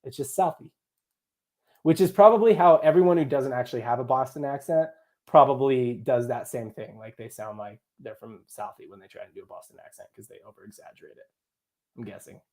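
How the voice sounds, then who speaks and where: A young man speaks briskly in a darkish, mid-range voice while hosting a live draft stream. He's chatty and playful, reading out viewer comments and kidding around with chat and co-hosts.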